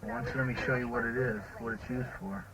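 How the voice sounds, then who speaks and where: An actor playing a pushy young greaser, talking in a crude, slangy, rambling way in naturalistic 1970s film style. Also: male voice, mid-range voice, steady tone, quick pace, a crowd in the background, lightly acted. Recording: dull lo-fi 1970s film sound with hiss.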